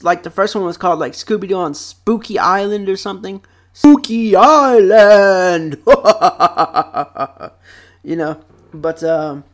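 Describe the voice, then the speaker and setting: A young adult vlogger chatting casually about childhood TV shows, rambling with many fillers and repeated phrases, close to the microphone. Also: mid-range voice. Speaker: vlog host.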